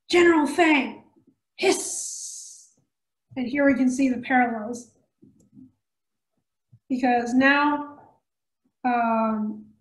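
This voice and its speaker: A woman reading a children's novel aloud in a measured, expressive way. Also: high-pitched, echoey room, low-quality recording. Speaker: storybook reader.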